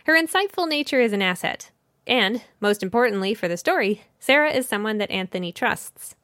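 A woman's voice: medium pitch, animated, fairly quick, a bit bright, no room sound. Woman chatting about a kids book, mid voice, dry close sound, fixes her words as she goes. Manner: conversational, thinks aloud with small self-corrections. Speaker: children's book podcast host. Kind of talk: book summary and casual discussion.

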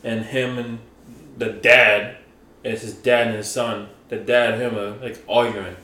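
A young man casually telling a workplace story as a podcast co-host, acting out what people said in an animated way. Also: fairly low pitch, a little slow. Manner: animated storyteller, acts out quotes. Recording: roomy echo, faint background noise.

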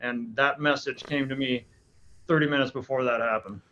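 A middle-aged man, a podcast guest, telling a story in a lively, animated way with quick restarts. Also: medium pitch, dull audio, slight background noise. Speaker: guest, hunting guide and speaker. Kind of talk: casual storytelling.

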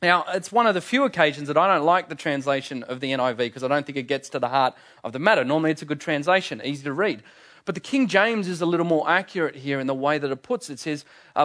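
A man preaching a sermon with earnest emphasis. His voice sits a little high for a man. He leans on key words and scatters fillers as he goes. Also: animated, quick pace, a bit bright.

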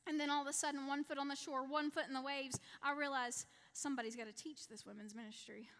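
Woman in her 30s sharing her faith story at church, high voice, repeats herself for emphasis, long echo in the hall. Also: fairly even intonation, quick pace, fairly bright tone. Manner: earnest, repetitive, acts out her own prayers. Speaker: women's ministry leader and speaker. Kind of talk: personal testimony sermon. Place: church hall, women's evening.

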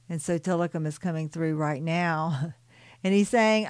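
Slow, soft-spoken woman reading aloud. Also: sits low, clear, resonant tone, no room sound. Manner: soft-spoken, reflective, with light laughs. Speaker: spiritual reader and channeler. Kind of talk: reading a channeled story aloud with commentary.

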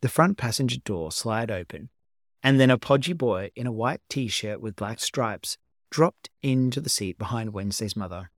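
A man narrating a story as an amateur audiobook reading, at a steady, unhurried storytelling pace. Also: medium pitch, no echo, clean studio sound.

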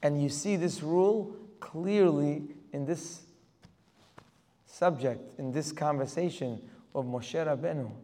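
A man giving a religious lecture as a Torah teacher, firing off rhetorical questions and building to forceful emphasis. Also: fairly high pitch, slow pace. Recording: long hall reverb.

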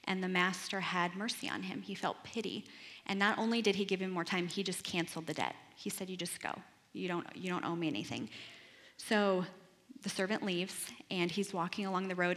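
Woman, lower voice, relaxed Bible teacher who retells stories like a chat with friends, long echo around her. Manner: conversational storytelling with asides. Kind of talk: casual devotional teaching.

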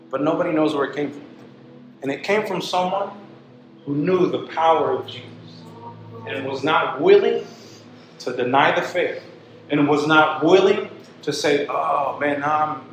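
A man preaching a sermon, telling a story dramatically and swinging from loud to hushed. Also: on the high side, very echoey, rough recording.

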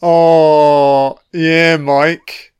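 A man's voice: on the high side, little pitch movement, drawn-out words, clear, resonant tone, no room sound. A man giving casual, sweary film commentary, sardonic and mocking.

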